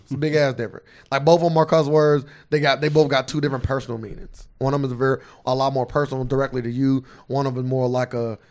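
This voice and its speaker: A man co-hosting a casual podcast, ranting and swearing freely, his voice jumping up high and loud when he gets heated. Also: flat delivery, fast. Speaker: podcast co-host.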